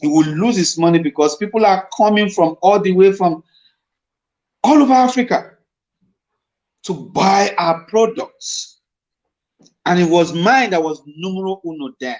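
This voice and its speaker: He talks unhurriedly in a high voice, leaving long pauses. A middle-aged Nigerian-accented actor, he's an animated storyteller in a casual interview who dips into Pidgin, heard on a dull lo-fi recording.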